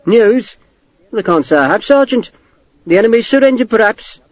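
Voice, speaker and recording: A man's voice: high-pitched, animated, moderate pace, no echo, voice pushed up. A male narrator voicing an idle, sneering army captain with a dry, laconic way of talking. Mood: sardonic. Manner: sardonic, laconic.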